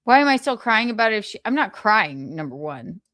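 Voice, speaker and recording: A woman's voice: mid-range voice, big pitch swings, a little fast, fairly bright tone, no room sound, clean studio sound. A woman hosting a gossip livestream, talking casually, swearing often and rambling sarcastically.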